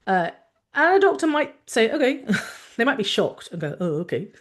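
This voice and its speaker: A woman doctor hosting a talk, explaining frankly in a chatty way with lively asides. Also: fairly high pitch, normal speed. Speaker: doctor and podcast host.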